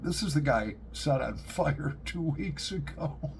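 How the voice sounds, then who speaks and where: A middle-aged man, vlogging to camera and telling animated, joking stories, laughing at his own punchlines. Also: on the high side, slow, gravelly, a little hiss or hum. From upstate New York. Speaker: pipe-smoking vlogger. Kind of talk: casual storytelling to camera.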